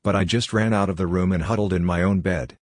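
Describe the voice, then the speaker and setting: Male horror narrator, very low husky voice, dry close sound, somber delivery. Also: steady tone, fast talker, dry recording.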